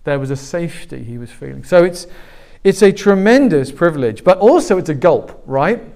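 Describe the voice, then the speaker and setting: A man's voice: on the high side, normal speed, gravelly. A man in his forties preaching a sermon as pastor, telling stories and acting out the people in them. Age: 40s. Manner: animated storytelling, acting out quoted voices.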